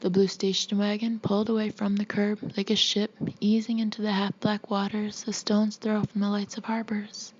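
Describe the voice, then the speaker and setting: A woman reading a novel aloud in a soft, hushed whisper, as a whispered audiobook reading. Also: medium pitch, little pitch movement, moderate pace, hardly any pauses, a little hiss or hum. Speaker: narrator. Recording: dull muffled recording.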